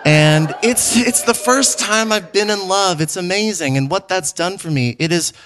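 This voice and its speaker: A man performing a live stand-up comedy set in a theater, animated and quick to mimic voices, laughing between lines. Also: high-pitched, a little hiss or hum. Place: theater stage before a laughing crowd.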